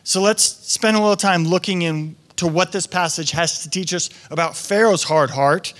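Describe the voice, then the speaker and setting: A male pastor delivering a sermon in a chatty, informal way. His voice sits high for a man, and he keeps slipping into short imitations of the people he talks about. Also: normal speed, fairly bright tone. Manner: conversational, acts out quoted voices.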